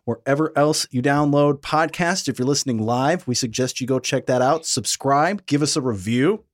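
A man's voice: mid-range voice, moderate pace. A young man co-hosting a talk podcast, plugging the show and bantering about local politics in a casual, upbeat way. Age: young adult. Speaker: podcast co-host.

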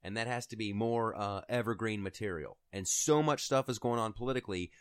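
A man's voice: brisk, smooth, no echo, clean studio sound. A man from Ohio hosting a casual comedic chat show, rambling and joking, with frequent fillers. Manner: jokey, rambling, slips into high mock voices. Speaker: podcast host.

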